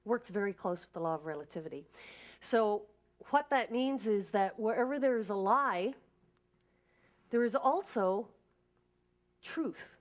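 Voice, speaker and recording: A woman's voice: medium pitch, unhurried, long pauses. A woman speaker giving an inspirational talk at a spiritual service and leading the congregation in an affirmation. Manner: lively, leads the congregation in an affirmation.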